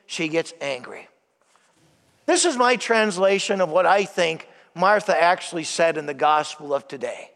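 A man's voice: high-pitched, fairly bright tone. A male priest giving a sermon in a church, emphatic and asking the congregation rhetorical questions. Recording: long church reverb.

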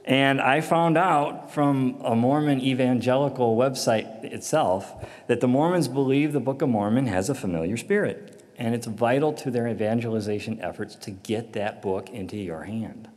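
A man telling a personal faith testimony in an animated storytelling way, acting out the voices in it. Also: mid-range voice, moderate pace, in a large hall. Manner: animated storyteller, acts out dialogue. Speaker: speaker giving a personal testimony.

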